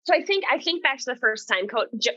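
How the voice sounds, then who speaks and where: A woman in her twenties, a podcast guest, telling a personal story in an earnest, animated way and laughing often. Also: high-pitched, fast talker, no echo, dull audio. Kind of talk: casual conversational interview.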